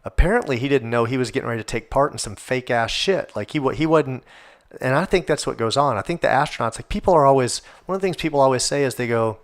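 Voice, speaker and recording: A man's voice: medium pitch, fast talker. A man hosting a casual solo podcast, rambling and swearing as he gets worked up. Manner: rambling, profane, animated. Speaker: podcast host.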